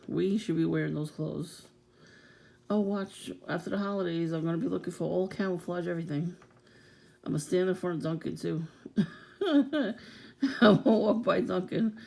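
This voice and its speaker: Gravelly low-voiced woman ranting casually. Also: a little mellow. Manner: blunt, profane, laughing often. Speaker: vlogger. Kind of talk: casual rant to camera.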